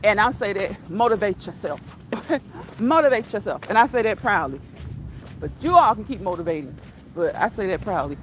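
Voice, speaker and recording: A woman's voice: medium pitch, expressive, normal speed, slight background noise. A woman hosting a casual walk-and-talk livestream outdoors on her phone, blunt and repetitive, dropping slang and laughing often. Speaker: channel host.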